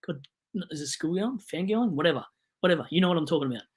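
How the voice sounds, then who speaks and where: Aussie guy chatting on his live stream, gets super excited then goes quiet and mumbly. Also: a little high, very fast, husky. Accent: Australian. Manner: excitable, digressive, swings from loud bursts to mumbling asides. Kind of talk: casual live-stream chat.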